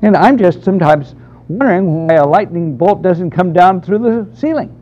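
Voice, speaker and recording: A man's voice: sits high, moderate pace, warm tone. A man teaching a Bible class in a conversational, emphatic way, taking questions from the room. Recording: dull lo-fi lecture recording.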